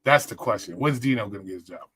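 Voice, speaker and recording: A man's voice: lowish voice, lively intonation, fast talker, fairly bright tone, breathy edge. A man hosting a livestream, talking casually and ranting with lots of swearing as he checks his likes and picks videos. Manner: rambling, profane, ranting. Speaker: livestream host.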